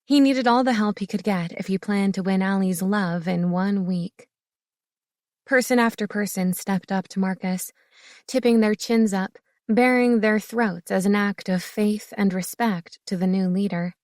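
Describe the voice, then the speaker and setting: A woman reading an audiobook narration in a steady, expressive way. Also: medium pitch, unhurried, no room sound, studio quality. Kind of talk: scripted narration.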